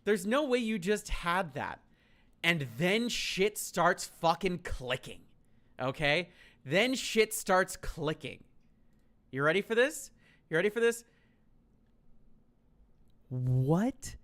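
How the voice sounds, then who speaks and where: A man's voice: sits high, lively intonation, slow, a bit bright. A man telling a story on a stream, profane, incredulous and exasperated.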